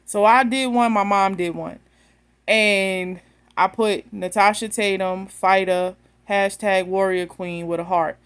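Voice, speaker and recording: Thirties woman vlogging into her phone, blunt, animated, talks right to the viewers. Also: mid-range voice, measured pace, smooth. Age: 30s. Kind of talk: casual storytelling to camera.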